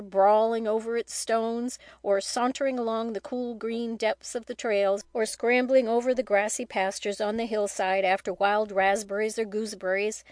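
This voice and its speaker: A woman narrates a children's novel in a steady, clear storytelling manner. Her voice sits on the higher side, recorded close and dry with no room sound. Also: no echo. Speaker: audiobook narrator.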